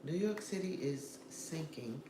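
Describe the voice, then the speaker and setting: A woman's voice: low-pitched, animated, measured pace, background noise. A woman vlogger giving casual, opinionated commentary on celebrity news, talking straight to her viewers. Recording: roomy echo with faint ambience.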